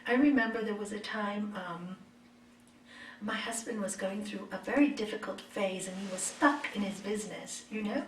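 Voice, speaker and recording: A middle-aged woman yoga teacher giving a spiritual talk, telling personal stories in an expressive, conversational way. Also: mid-range voice, normal speed, a little hiss or hum. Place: retreat meeting hall. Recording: echoey room, mic far off.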